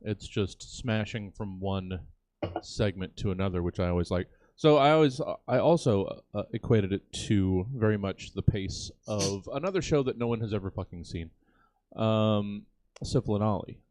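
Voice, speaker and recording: A man's voice: lowish voice, normal speed, a little mellow. A man co-hosting a livestream, rambling through show ideas with lots of fillers and the odd curse. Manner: rambling, swears casually, frequent fillers. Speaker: comedy theater co-host. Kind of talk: casual planning chat on a livestream.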